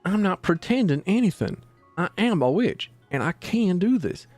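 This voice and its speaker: A man's voice: sits high, sing-song, moderate pace, a little mellow, no room sound, faint music behind, pitched above the performer's own voice. A man voicing an earnest, determined young female witch while reading game dialogue aloud. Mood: defiant.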